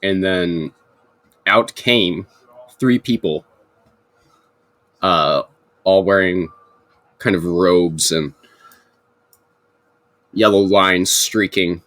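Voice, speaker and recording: A man narrating as game master in a tabletop game, in a relaxed, hesitant manner with lots of ums. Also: deep voice, extremely slow, long pauses. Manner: relaxed, hesitant, many fillers.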